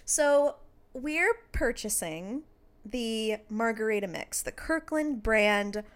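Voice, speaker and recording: A woman's voice: on the high side, takes it slowly. A woman co-hosting a podcast, casually chatting and telling stories with lots of laughter. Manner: animated storyteller, laughs often. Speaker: podcast co-host. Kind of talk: casual chat.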